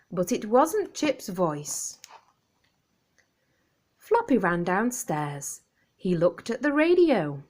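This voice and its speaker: A woman reads a children's picture book aloud, clearly and expressively for young children. Her pitch swings up and down with a lively lilt. She reads at an unhurried, slow pace. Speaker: storyteller.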